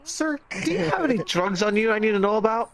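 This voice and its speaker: A stiff, dull male police officer questions someone in a curt, officious tone, as a man imitates him while telling a story. The voice sits a little higher and louder than ordinary talk. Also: expressive, fast talker.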